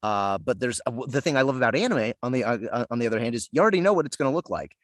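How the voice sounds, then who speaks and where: A man, a voice actor, chatting casually in an interview, self-deprecating and quick to laugh. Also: mid-range voice, lively intonation, dry recording, clean studio sound. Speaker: voice actor guest.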